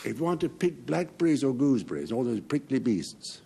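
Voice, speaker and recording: A man captaining a team on a TV panel game, joking and teasing in slow, emphatic banter. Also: medium pitch, big pitch swings, creaky, dark tone, husky. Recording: 1970s TV studio with audience and hiss.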